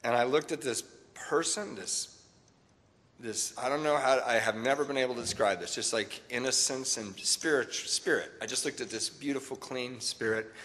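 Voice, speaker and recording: A middle-aged man giving candid, self-mocking personal testimony to a live audience, with halting fillers between thoughts. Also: medium pitch, fairly bright tone, in a large hall. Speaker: speaker sharing his recovery story.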